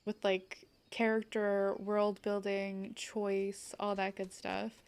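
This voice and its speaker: A bubbly young woman streaming a game, talking in loose, rambling chat with plenty of fillers and bursts of laughter. Her pitch sits right in the middle for a woman. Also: flat delivery, slow pace, darkish tone, smooth. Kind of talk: casual live-stream chat.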